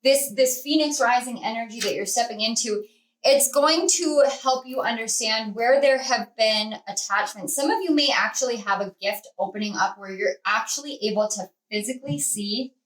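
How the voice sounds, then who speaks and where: A woman's voice: on the high side, moderate pace. A woman giving a spiritual tarot reading, rambling and heartfelt with many fillers, speaking from a distance from the mic. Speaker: tarot reader. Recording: roomy, from off-mic.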